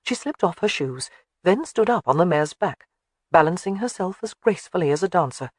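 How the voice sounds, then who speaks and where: An audiobook narrator reading a historical romance with expressive storytelling. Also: medium pitch, fairly quick, no room sound, clean studio sound.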